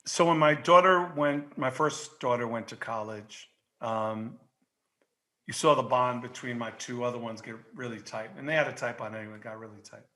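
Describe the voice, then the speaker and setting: A man in his fifties from Queens with a New York accent, telling stories in casual podcast chat, swearing freely and shouting when worked up. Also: medium pitch, moderate pace. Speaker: guest.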